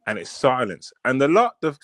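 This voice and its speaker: A man co-hosting a casual wrestling podcast, telling stories with animated, acted-out quotes. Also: moderate pace. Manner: animated storytelling, acting out quotes in high voices. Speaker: podcast co-host.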